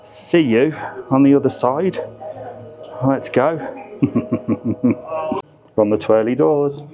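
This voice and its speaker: Speaking extremely slowly in a mid-range voice over music, a middle-aged travel vlogger jokes and teases his handheld camera in an indoor ice tunnel. He's a little out of breath, and visitors chatter behind him.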